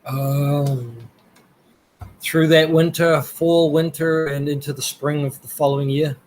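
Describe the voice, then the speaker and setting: A man's voice: fairly high pitch, flat delivery, slow, darkish tone, slight background noise, low-quality recording. A man from New Zealand, a guest telling rambling travel stories in a casual interview, laughing now and then.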